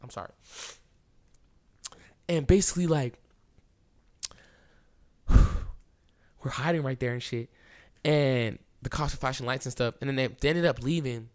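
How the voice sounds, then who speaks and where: A young man in his podcast seat, telling a story in a loose, animated way. His voice sits at an ordinary pitch for a man. He leans on "bro" and "like" and acts out what people said, sometimes dropping to a hush. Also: measured pace, long pauses. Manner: animated, keeps saying "bro" and "like"; acts out quoted lines, drops to a hushed voice at times. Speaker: podcast host. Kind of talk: casual storytelling.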